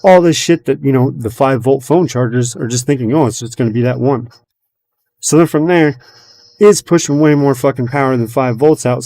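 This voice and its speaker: A man in a loose podcast conversation, with a voice of middling pitch. He rambles through a long story, swears nearly every sentence, fills gaps with uh and you know, and acts out what others said as he goes. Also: warm tone, no echo. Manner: rambling storyteller, swears constantly, many fillers; retells his own and others' words as quoted dialogue. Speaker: podcast host. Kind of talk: casual chat.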